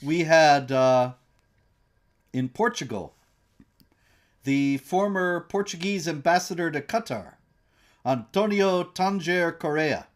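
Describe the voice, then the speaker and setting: A man hosting a casual political chat in a conversational, sardonic way, with halting restarts. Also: a little high, expressive. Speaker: host.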